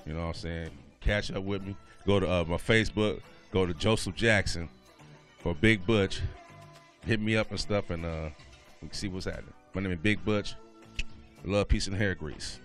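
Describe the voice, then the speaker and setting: A man's voice: deep voice, fairly even intonation, moderate pace, a bit bright, soft background music. A male comedian telling a loose, slangy stand-up story on a radio show.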